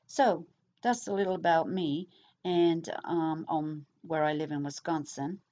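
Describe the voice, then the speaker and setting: Speaking in a deep, mellow voice with fairly even intonation and no hurry, a middle-aged English vlogger talks casually to camera. She has an English accent and rambles with many fillers. The audio sounds dull and lo-fi.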